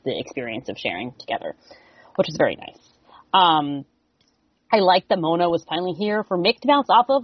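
A woman co-hosting a podcast, casually listing what she liked in an episode with many pauses and "um"s. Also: deep voice, husky, no room sound. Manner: easygoing, many "um"s. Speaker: podcast co-host. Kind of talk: casual TV recap chat. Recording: dry, muffled lo-fi audio.

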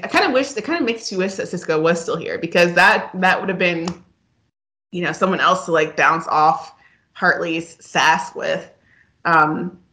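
A wry woman chats casually about a TV episode, laughing often. Her voice sits low but sounds bright and forceful. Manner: wry, laughs often, uses many fillers. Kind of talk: casual TV episode review chat.

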